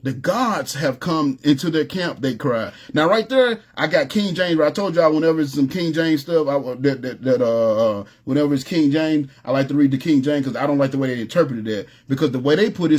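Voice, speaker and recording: A man preaching an informal sermon, telling stories in a relaxed, streetwise way and often asking "you know what I'm saying". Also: mid-range voice, fairly quick, few pauses. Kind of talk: conversational sermon with storytelling.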